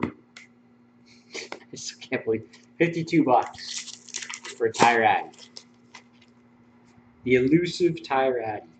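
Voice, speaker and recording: A man's voice: mid-range voice, expressive, measured pace, pauses often. A man hosting a live-streamed card break, rattling off card names and serial numbers and chuckling as he chats with viewers. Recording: muffled stream audio with faint hum.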